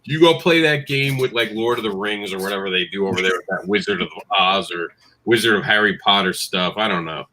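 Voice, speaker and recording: A man's voice: lowish voice, brisk, bright, forceful tone, slight background noise, poor audio. A man in casual conversation, an enthusiastic comics fan who argues playfully. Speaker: podcast co-host. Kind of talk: casual discussion.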